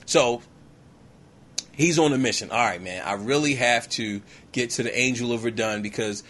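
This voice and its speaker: A man hosting a podcast, retelling a movie in a slangy, animated comic style full of "yo, man," slipping in quick character voices. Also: medium pitch. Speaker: podcast host. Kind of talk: comedic movie recap.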